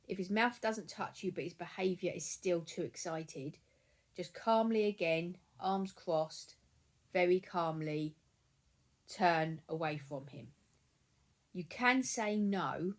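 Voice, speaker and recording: A woman giving calm, chatty dog-training advice in a vlog, often repeating herself for emphasis. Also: lowish voice. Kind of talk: casual instructional vlog.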